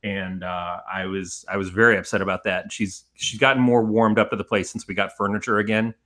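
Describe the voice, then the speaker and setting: Man, podcast co-host, bright forceful tone, rambling, profane, casual banter. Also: on the low side, flat delivery, fairly quick. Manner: rambling, profane, laughs often.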